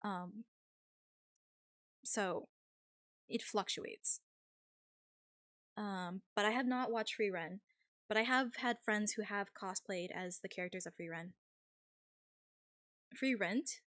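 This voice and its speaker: A young woman streamer with an American accent that has a faint Vietnamese tinge, chatting casually with viewers, easygoing and quick to laugh. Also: mid-range voice, a bit bright, no room sound, clean studio sound. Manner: easygoing, chatty, laughs often, many ums. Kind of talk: casual chat reading viewer messages.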